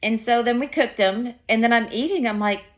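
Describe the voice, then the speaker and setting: A woman's voice: on the high side, a little fast. Rambling woman vlogging. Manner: rambling, self-correcting storyteller. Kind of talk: casual chat to camera.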